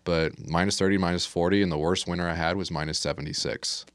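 A man's voice: deep voice, fast, dry recording, clean studio sound. A young man, the guest, chatting casually about his training and cold winters, telling stories with wry exaggeration. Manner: relaxed storyteller, wry exaggeration. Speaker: guest, air traffic controller. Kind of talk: casual interview chat.

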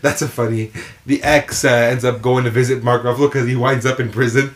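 A man co-hosting a podcast in casual film chat, animated and rambling in long run-on opinions. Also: medium pitch, brisk. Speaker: podcast co-host.

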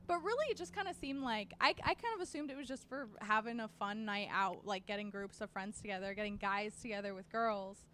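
A woman's voice: medium pitch, a little fast, few pauses, sharp tone, slight background noise. Hesitant, rambling young woman. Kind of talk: casual chat.

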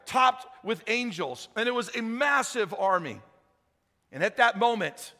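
A man preaching, retelling a story in an animated, conversational way with frequent asides to the listeners. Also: sits high. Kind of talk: sermon storytelling. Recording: echoey hall.

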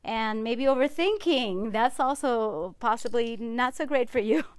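A chatty woman life coach talks on her podcast in a fairly high voice. She is encouraging and laughs often, mixing read-out facts with friendly asides. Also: lively intonation, measured pace, smooth. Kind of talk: casual podcast monologue.

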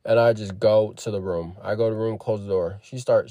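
A man telling a personal story in a casual, profane vlog, animated and acting out what people said. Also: fairly low pitch, fairly quick, few pauses, no room sound, clean studio sound. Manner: profane, animated retelling that acts out quoted lines. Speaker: vlogger.

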